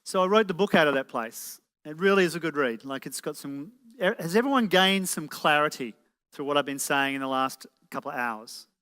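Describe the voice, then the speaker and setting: The reverberant event hall carries the voice of a man delivering a live motivational talk, throwing out rhetorical questions to the crowd. He sounds slightly high and a bit bright, expressive and a touch fast.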